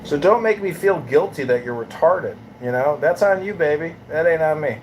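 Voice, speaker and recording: A man's voice: a little high, animated, moderate pace, darkish tone, slight background noise, poor audio. A man hosting a live audio chat room, ranting in a profane, taunting, swaggering way.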